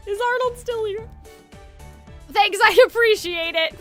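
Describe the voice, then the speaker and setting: A woman streamer chatting loosely about the game she plays, filling her talk with "like" and "you know". Her voice is very high and bright. Faint game music plays in the background. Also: unhurried. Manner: chatty, giggly, lots of "like". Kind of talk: casual gaming commentary.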